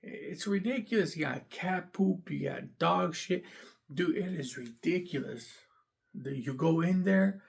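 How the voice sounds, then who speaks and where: A man's voice: high-pitched, measured pace, creaky. A young man giving a blunt, profane, rambling casual rant about dating, full of fillers. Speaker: vlogger giving dating opinions. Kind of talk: casual ranting monologue.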